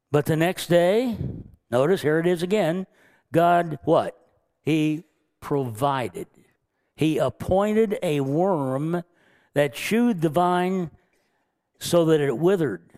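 Slow-speaking male pastor preaching. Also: a little high, lively intonation, darkish tone. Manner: earnest, chuckles often, acts out God's lines. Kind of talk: sermon.

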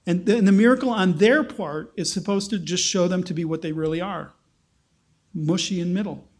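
A man's voice: high-pitched, moderate pace. A man preaching a conversational Bible-teaching sermon, explaining and acting out quotes.

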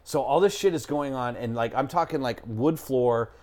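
Here a middle-aged man chats casually, his warm, medium-pitched voice moving at a moderate pace. His story wanders, full of profanity and fillers, with "like" and "I'm talking" coming up again and again.

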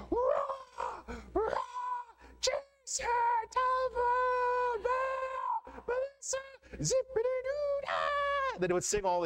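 A man's voice: medium pitch, poor audio. A middle-aged man preaching a sermon as a pastor, telling personal stories in a casual, conversational way with frequent "right?" asides.

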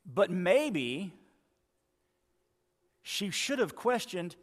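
A male pastor preaching a sermon, retelling scripture with dramatic pauses and slowing on key words. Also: on the high side, expressive. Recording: long reverb of a church hall.

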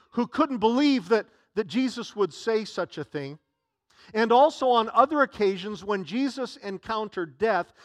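A man's voice: high-pitched, no room sound, studio quality. A man preaching a sermon as pastor, earnest and given to repeating himself as he builds a point.

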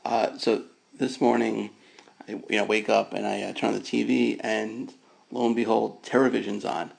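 A man interviewing a guest in casual chat, asking questions haltingly with repeated words. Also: on the low side, little pitch movement, creaky. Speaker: interviewer, host.

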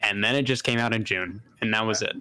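A man co-hosting a casual gaming podcast, opinionated and talking in quick bursts. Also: on the low side, pushed and bright. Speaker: podcast co-host. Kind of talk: casual chat.

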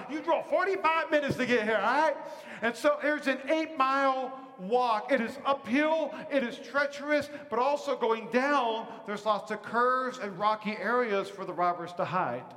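A man's voice: very high-pitched, pushed and bright, long reverb tail. A man preaching a sermon at a church service, talking to the congregation in a conversational way and quizzing them with questions. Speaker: pastor.

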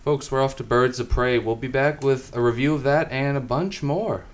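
A man co-hosting a podcast in casual chat, dry and joking, quick to laugh. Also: medium pitch. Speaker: podcast co-host.

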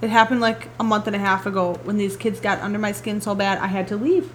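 A woman hosting a podcast in casual chat, telling animated stories, laughing often and swearing casually. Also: mid-range voice, fast talker, a little hiss or hum. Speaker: podcast host.

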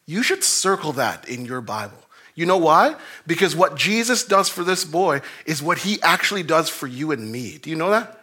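A man preaching a sermon, telling stories and reading scripture, swinging from shouted emphasis to low, quiet asides. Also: sing-song, normal speed, husky. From grew up in a housing complex. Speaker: pastor.

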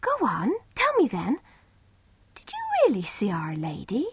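A woman voicing a bold, nosy schoolgirl who talks in an eager, high, pushy way. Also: wildly swooping pitch, unhurried, no room sound, exaggerated voice.

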